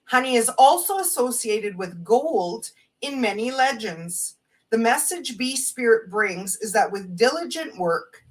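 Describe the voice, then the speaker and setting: Slow-spoken woman reading oracle cards. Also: a little high, expressive. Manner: gentle, reads card messages aloud. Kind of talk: slow spiritual live talk. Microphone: phone or webcam on a live stream. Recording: distant from the mic.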